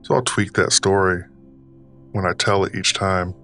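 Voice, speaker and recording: A man's voice: sits low, moderate pace, sharp tone, faint music behind. A man putting on a drawling Southern accent as a folksy old grandpa character, rambling casually with lots of fillers. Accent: put-on Southern US. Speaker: podcast host.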